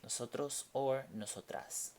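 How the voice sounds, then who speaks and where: A man teaching a Spanish lesson, explaining each point slowly and deliberately and reading out example sentences. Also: medium pitch, a little mellow. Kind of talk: classroom-style language lesson.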